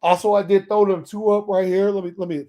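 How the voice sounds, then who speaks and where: High-voiced man rambling casually. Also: little pitch movement, fast talker, mellow. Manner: loose, profane, rambling with many restarts. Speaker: podcast host. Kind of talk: casual chat.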